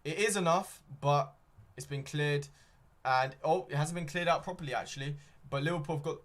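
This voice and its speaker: A man's voice: a little high, normal speed, a bit bright. A young man doing live fan play-by-play of a football match, rambling with frequent ums and self-corrections. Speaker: fan streamer commentating a match. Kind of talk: live fan watchalong commentary.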